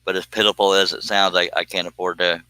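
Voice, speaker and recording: A low-pitched man with a drawl chats to viewers of his woodworking live stream. He is folksy and self-mocking, and his voice has a bright, forward edge. The dry, close sound suggests a mic right in front of him in a home workshop. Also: level tone, fast talker, smooth, dry recording. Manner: folksy, joking, reads viewer comments aloud. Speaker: woodworking livestream host. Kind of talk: casual live stream chat.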